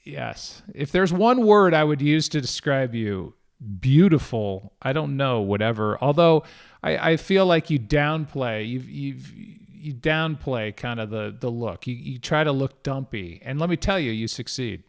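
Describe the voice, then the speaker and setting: A middle-aged man, a guest broadcaster, telling a story in casual chat with a lively, self-deprecating manner. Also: mid-range voice, a little slow, creaky.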